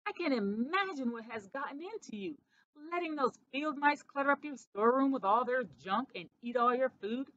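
A haughty, fussy aunt mouse from a children's storybook, sniffing at others with huffy indignation, as a woman reading aloud puts her on. The voice sits fairly high and the recording sounds dull and lo-fi. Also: expressive, moderate pace, fairly bright tone, no echo. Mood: disdainful.

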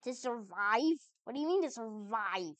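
High-voiced woman narrating her gameplay. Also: lively intonation, normal speed, a bit bright, dry recording. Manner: chatty, puzzled, talks back to the game. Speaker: gamer. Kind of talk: let's-play commentary.

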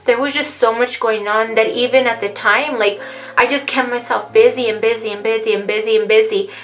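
A woman vlogging to her viewers in an earnest, heartfelt and rambling way, speaking softly and slowly as if close to tears. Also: on the high side, fairly even intonation, poor audio. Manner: soft, slow delivery near tears. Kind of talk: personal vlog talk to camera. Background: faint background music.

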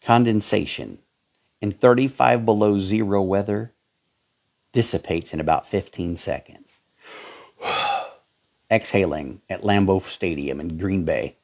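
A man's voice: low voice, slow pace, gravelly, pauses often, a little mellow. A man with a Southern accent preaching a fiery sermon, fervent and emphatic, hammering points through repetition. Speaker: pastor.

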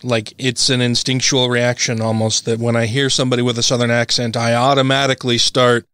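A man from Utah co-hosting a podcast in easygoing chat. He speaks at a mid pitch, bluntly and with plenty of swearing, and laughs often. The recording is dry and close. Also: level tone, fairly quick, fairly bright tone, clean tone, no room sound. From Utah, USA. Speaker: podcast co-host.

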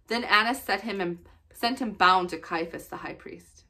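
A woman's voice: medium pitch, moderate pace. Woman reading scripture aloud steadily. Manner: steady, plain read-aloud narration. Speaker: Bible reader for children.

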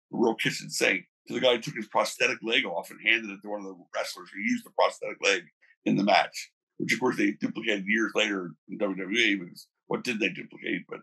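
Older man, gravelly husky low voice, interview guest spinning lively anecdotes. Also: fast. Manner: animated storyteller, acts out quoted voices. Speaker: interview guest, former wrestling promoter. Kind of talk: casual storytelling interview.

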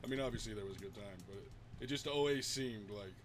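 A gaming streamer with a fairly low voice talks at a quick pace, with slight background noise. Laid-back while playing, he chats casually, swears often, and laughs a lot.

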